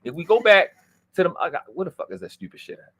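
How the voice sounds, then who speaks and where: A man hosting a livestream, ranting in a heated, profane way and swinging from low muttering to loud outbursts. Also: sing-song, fast talker, breathy edge. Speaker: livestream host.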